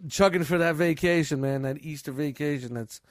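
A man's voice: fairly high pitch, brisk, dry recording. A man with a slightly raised voice rants about his workday in loose, swear-filled chat. His voice is picked up close and dry, with no room sound. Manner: venting, heavy swearing. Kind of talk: casual profane chat.

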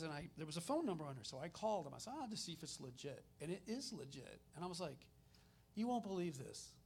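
A middle-aged man, a minister telling personal stories in a conversational sermon with animated retellings. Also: sits high, creaky.

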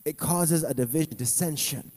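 A man preaching a sermon, animated, with playful asides to the congregation. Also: a little high, normal speed, long reverb tail. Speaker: pastor.

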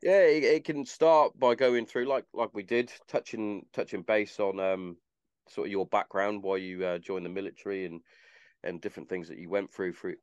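A man's voice: lowish voice, moderate pace, darkish tone, clear, resonant tone, dry recording, highs cut off. A man hosting a podcast, chatting casually in a rambling way and swearing freely. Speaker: podcast host. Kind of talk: casual chat.

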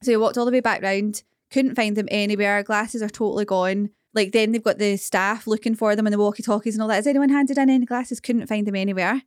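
A woman's voice: medium pitch, steady tone, fast, hardly any pauses, smooth, dry recording, clean studio sound. A Scottish woman in her thirties, a podcast co-host chatting casually and telling a family anecdote. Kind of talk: casual chat.

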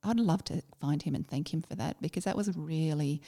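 Low gravelly Australian woman. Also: warm tone. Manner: reflective, halting with frequent fillers. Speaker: guest, former army officer. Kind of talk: personal storytelling.

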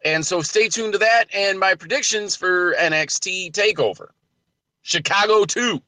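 A man's voice: high-pitched, measured pace, pushed and bright, dry recording. A man hosting a wrestling podcast, giving emphatic commentary full of rhetorical questions. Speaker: podcast host.

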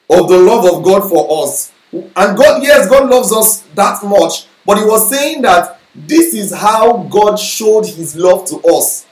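High-voiced man teaching the Bible. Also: reverberant, rough recording. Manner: explanatory, checks in with listeners often. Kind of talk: sermon-style Bible teaching.

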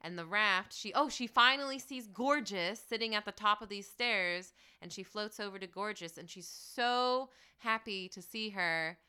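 A woman co-hosts a podcast and walks through a film's scenes in a chatty, animated way. Her voice is bright and crisp. She keeps the talk lively with playful asides. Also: medium pitch, moderate pace, hardly any pauses. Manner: animated storyteller, playful sound effects. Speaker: podcast co-host. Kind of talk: casual chat recapping a film.

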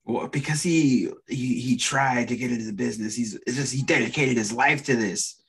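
A man's voice: mid-range voice, moderate pace, a bit bright, breathy edge. A man co-hosting a casual podcast, easygoing and laughing along, often saying man and dude. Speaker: podcast co-host.

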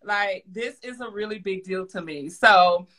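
Woman, talk show host, excitable, gushing, casual chat. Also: medium pitch, measured pace.

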